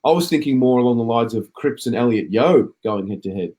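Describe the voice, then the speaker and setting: A man's voice: medium pitch, expressive, brisk, dark tone. A man hosting a casual footy chat show, reading out viewer comments and chatting along. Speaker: podcast host reading comments.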